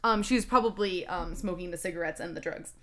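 A woman's voice: fairly low pitch, quick pace, fairly bright tone. A woman co-hosting a comedy podcast, reading a fanfic aloud in a sardonic, exasperated way and swearing freely. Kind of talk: casual comedic read-along.

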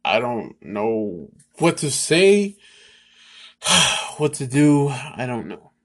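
A man's voice: mid-range voice, very animated, drawn-out words. A man hosting a sports show, ranting with sarcasm and exasperation about a quarterback. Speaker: sports podcast host.

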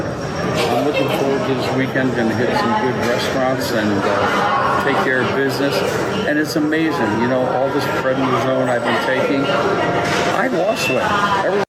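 A man's voice: medium pitch, normal speed. An older man giving a chatty, streetwise video message to fans. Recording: noisy restaurant video clip. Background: loud restaurant chatter.

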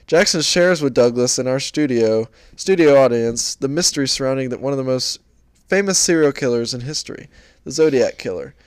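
A man's voice: medium pitch, expressive, a little fast, clear, resonant tone, no echo. A young man co-hosting a podcast in casual chat, rambling through stories and laughing as he goes. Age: young adult. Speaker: podcast co-host.

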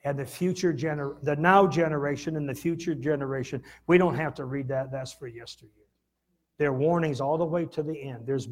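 A middle-aged man preaches a sermon, spinning folksy stories and laughing as he goes. His husky, somewhat high voice jumps to loud bursts at the big moments. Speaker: pastor. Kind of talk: storytelling sermon.

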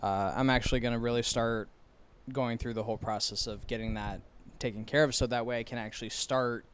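A man's voice: mid-range voice, fairly even intonation, brisk, smooth. A young man co-hosting a podcast, laid-back, giving dry comebacks. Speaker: podcast co-host. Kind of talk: casual chat.

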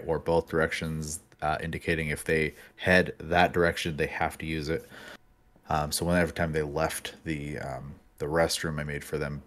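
Deep-voiced man, hesitant casual talk. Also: fairly bright tone. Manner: hesitant, many ums and restarts. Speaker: podcast co-host. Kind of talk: casual chat.

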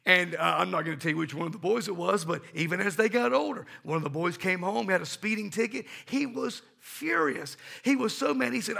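Gravelly, bright middle-aged male preacher. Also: sits high, a little fast, few pauses. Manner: call-and-response with the congregation; emphatic, storytelling preacher. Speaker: pastor. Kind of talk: sermon.

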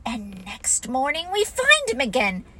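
A woman's voice: sits high, huge pitch swings, sharp tone, husky, no room sound, exaggerated voice. A woman doing a bossy, self-important rabbit. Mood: scheming. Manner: brisk, self-important, emphatic. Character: fussy, bossy rabbit, full of plans. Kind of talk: storybook reading.

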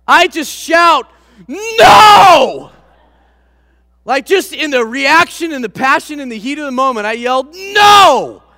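A man with a high, bright voice tells a sermon story with lively, self-mocking humor. His voice carries a long reverb, as from a large hall. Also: brisk, hardly any pauses, clean studio sound. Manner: animated anecdote with self-deprecating humor. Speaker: pastor.

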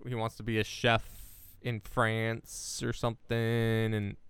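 A young man chatting casually as a podcast co-host, his voice pitched low with a gravelly edge. He rambles and restarts his sentences often. His tone stays smooth and resonant, recorded close and dry. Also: monotone, slow, fairly bright tone, dry recording. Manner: rambling, lots of fillers and restarts. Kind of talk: casual chat.

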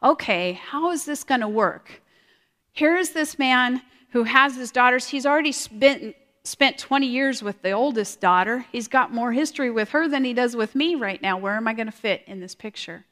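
Woman giving an earnest, halting testimony. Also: a little high, expressive, fairly bright tone. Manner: halting, repeats words, earnest. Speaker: speaker sharing a testimony. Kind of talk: personal testimony talk. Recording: long hall reverb.

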